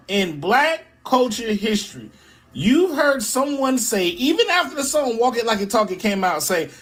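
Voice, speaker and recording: A woman's voice: fairly high pitch, sing-song, slow, long pauses. A woman commentator giving blunt, sassy, mocking opinions straight to camera. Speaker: social media commentator.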